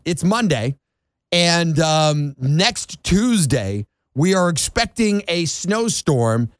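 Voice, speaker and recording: A fairly high-voiced man from New England, hosting a talk show in an exasperated rant. His pitch swings widely as he mocks and scolds, and the sound is close and dry. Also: no echo. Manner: exasperated ranting, mocking quoted voices. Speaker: radio show host. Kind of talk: opinionated monologue. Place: Florida.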